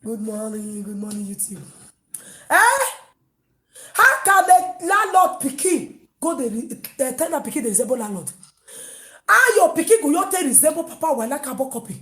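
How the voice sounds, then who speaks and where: A woman with a Nigerian Pidgin accent hosting an online gossip show, mocking loudly and breaking into sung chants. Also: high-pitched. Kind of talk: animated gossip commentary. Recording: echoey room.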